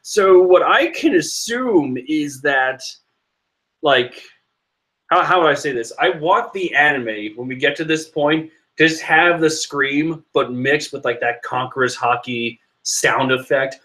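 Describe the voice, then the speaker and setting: Vlogger man, higher-pitched voice, excitable rambling comic commentary, quick laughs. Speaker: manga reaction vlogger. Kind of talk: casual comic reading commentary.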